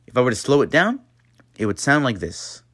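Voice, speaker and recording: Man, mid-pitched, jokey tutorial host, teacher-to-class tone, dry recording. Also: very animated, brisk, a bit bright, breathy edge, no room sound. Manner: playful, talks to viewers as a class. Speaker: channel host teaching a mock language lesson.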